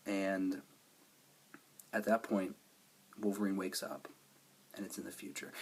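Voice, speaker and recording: A man giving a casual movie review, eagerly retelling the plot in a rambling way. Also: lowish voice.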